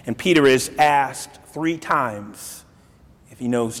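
A male pastor preaching a sermon, telling the story dramatically and swinging from loud lines to hushed ones. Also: medium pitch, measured pace. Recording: long hall reverb.

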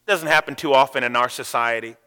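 A male pastor preaching a sermon, telling stories with sudden loud, animated rises. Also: mid-range voice, fast talker, clean tone, long reverb tail. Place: church sanctuary.

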